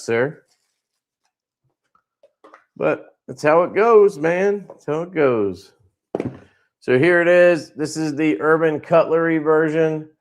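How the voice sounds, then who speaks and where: A man hosting a casual livestream from his knife company, showing products in a laid-back, rambling way with crude jokes. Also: fairly high pitch.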